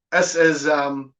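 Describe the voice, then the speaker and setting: Hosting a live football watchalong from home, a man reads viewer comments aloud and teases them in chatty banter. His voice runs on the high side with a fairly bright tone, and the lo-fi audio sounds slightly dull.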